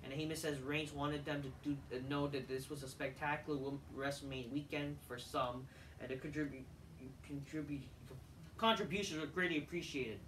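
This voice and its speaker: A man's voice: fairly high pitch, fairly even intonation, fairly quick, fairly bright tone. A man giving a casual solo review of a wrestling show, ranting and swearing a lot and repeating his points. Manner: profane, ranting, repeats himself. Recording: echoey room, distant mic, faint noise.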